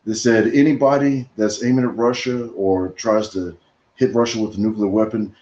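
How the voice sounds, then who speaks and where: A man on a casual podcast, calmly laying out his opinions at length. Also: lowish voice, reverberant, dull audio. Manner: measured, opinionated, explains his views at length. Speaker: podcast guest.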